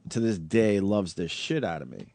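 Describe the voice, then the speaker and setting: A man hosting a radio talk show, speaking frankly and with lots of swearing, sometimes low and quiet and sometimes loud. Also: lively intonation, moderate pace, no room sound.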